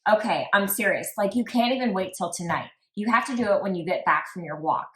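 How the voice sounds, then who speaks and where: In a fairly quick, mid-range voice, a woman hosts a true crime podcast in a casual, chatty way. She reads text messages aloud without much inflection and interrupts herself often with "like," all in a room with noticeable echo.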